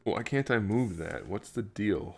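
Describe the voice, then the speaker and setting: Low-voiced man muttering while he works. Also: animated, measured pace, creaky, faint music behind. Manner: muttering to himself, thinking aloud; joking asides to viewers. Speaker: action figure maker streaming his work. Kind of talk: casual live-stream chat while working.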